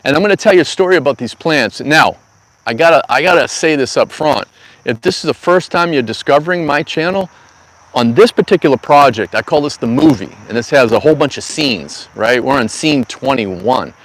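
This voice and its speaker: A man's voice: mid-range voice, animated, a little fast, fairly bright tone, low-quality recording. Chatty man hosting an outdoor grow stream. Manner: chatty storyteller, folksy, slangy asides. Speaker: cannabis grow channel host. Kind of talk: casual live-stream talk. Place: outdoor garden studio.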